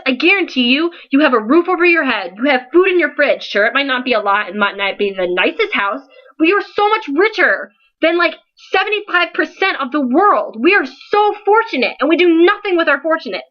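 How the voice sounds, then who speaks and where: Teen girl, high-pitched, worked-up vlog appeal, lo-fi webcam sound. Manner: earnest and emotional, pleading and scolding by turns. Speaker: founder of an online support page. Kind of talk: impassioned vlog speech to followers.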